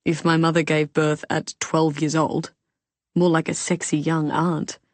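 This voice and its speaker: Audiobook: woman playing a playful young guy with a lilting accent, teasing, low voice, dry. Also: level tone, measured pace, dry recording. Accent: lilting foreign accent. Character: cocky young male backpacker, teasing.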